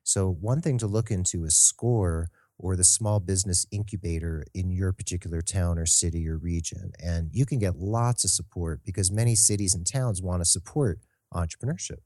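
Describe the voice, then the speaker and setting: A man with a deep, warm voice explains resources in a measured, steady way. He co-hosts a casual podcast, recorded dry and close to the mic. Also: dry recording. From Santa Fe, New Mexico area. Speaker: podcast co-host. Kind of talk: casual chat.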